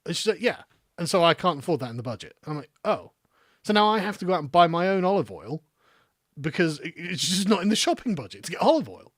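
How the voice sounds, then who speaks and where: A man's voice: on the high side, sing-song, quick pace, a bit bright, no room sound, clean studio sound. A middle-aged English man hosting a live political stream, sarcastic and exasperated, swearing freely and laughing mid-sentence. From England. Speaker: political commentary host.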